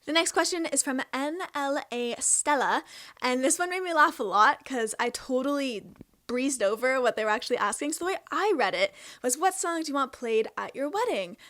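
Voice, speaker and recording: A woman's voice: high-pitched, animated, moderate pace, a bit bright, no room sound, clean studio sound. A Canadian woman in her twenties hosting a casual question-and-answer vlog, chatty and self-amused. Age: 20s. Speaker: host.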